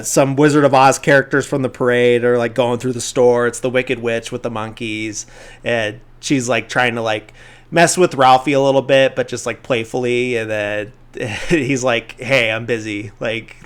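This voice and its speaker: A man's voice: medium pitch, steady tone, normal speed, clear, resonant tone. A man hosting a podcast, casually retelling a movie plot in a rambling way, full of fillers like "like" and "um". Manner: briefly acts out characters' lines in the retelling. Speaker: podcast host.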